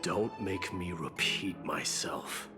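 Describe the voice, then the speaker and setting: An actor playing a proud young crown prince in a game, giving formal orders. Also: male voice, low voice, slow pace. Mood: stern. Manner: formal, commanding speech. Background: game music.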